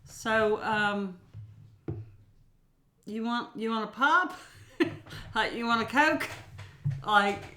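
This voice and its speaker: A woman from North Carolina with a Southern accent, co-hosting a podcast and telling stories loudly and with animation. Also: fairly high pitch, very slow, long pauses, echoey room. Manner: loud, animated storyteller. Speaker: podcast co-host. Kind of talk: casual chat.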